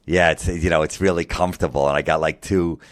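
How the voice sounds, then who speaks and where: A man doing a slow, dim-witted voice for a dopey middle-aged sports-obsessed man. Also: extremely low pitch, steady tone, no room sound. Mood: dopey, earnest. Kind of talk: stand-up rant impression.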